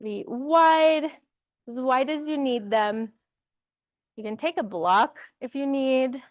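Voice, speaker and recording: A woman teaching a yoga class, giving calm, encouraging cues and laughing lightly now and then. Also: high-pitched, slow pace, no room sound, lo-fi sound. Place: yoga studio with music.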